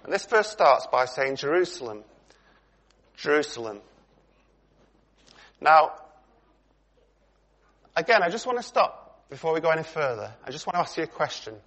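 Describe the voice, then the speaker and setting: A man's voice: on the high side, big pitch swings, moderate pace, long pauses, fairly bright tone. A middle-aged man preaching a sermon in a conversational way, putting questions to his congregation.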